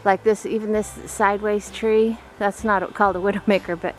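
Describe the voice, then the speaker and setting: A woman's voice: medium pitch, level tone, moderate pace, faint music behind. A woman chatting to herself on a snowy outdoor vlog, breathless and laughing often. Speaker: vlogger. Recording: noisy outdoor recording.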